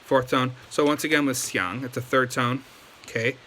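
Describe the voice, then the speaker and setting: A man's voice: medium pitch, steady tone, moderate pace, sharp tone. A man giving a casual video lesson, loose and chatty with many ums and likes. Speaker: language teacher.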